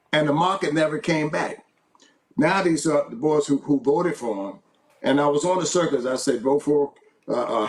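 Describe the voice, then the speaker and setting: A man speaking as a farmer guest in an interview, plainspoken and halting. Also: a little high, slight background noise.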